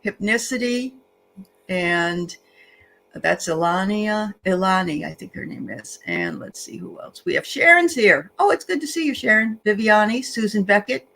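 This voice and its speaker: A woman's voice: mid-range voice, big pitch swings, normal speed, creaky, pushed and bright, rough recording. A woman co-hosting a casual livestream, greeting viewers by name in a chatty way with frequent fillers. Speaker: livestream co-host.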